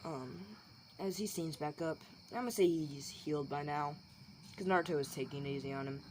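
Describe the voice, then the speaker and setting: A woman makes up an anime crossover story as she goes, rambling on with fillers and restarts. Her voice sits fairly low, with faint background noise. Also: brisk. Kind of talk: improvised fan story narration.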